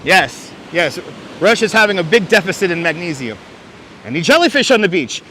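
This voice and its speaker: Wry, bright-voiced man on a windy beach. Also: sits high, very animated, moderate pace. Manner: wry, joking, mock-announcer asides. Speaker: livestream host. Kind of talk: casual livestream chat reading viewer comments. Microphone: wireless clip-on mic. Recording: faint wind and surf noise.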